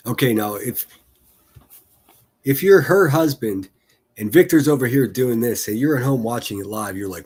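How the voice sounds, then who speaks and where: A man with a husky voice hosts a live stream in a loose, casual way, talking over a broadcast. He keeps up a steady run of teasing, crude jokes and laughs often. His pitch sits in the middle range. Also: measured pace, pauses often.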